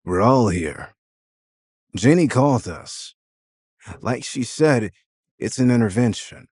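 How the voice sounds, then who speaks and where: A man voicing a sad, let-down male friend who speaks quietly and reproachfully in an audio drama. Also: mid-range voice, expressive, takes it slowly, slightly rough, no echo, clean studio sound, heavily acted.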